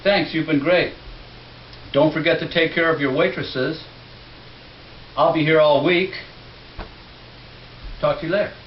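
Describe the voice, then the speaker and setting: A man's voice: on the high side, fairly even intonation, a little slow, pauses often, distant mic. A male stand-up comedian on a comedy club stage, telling a story in a conversational way that builds to punchlines. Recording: dull roomy club recording with faint hiss.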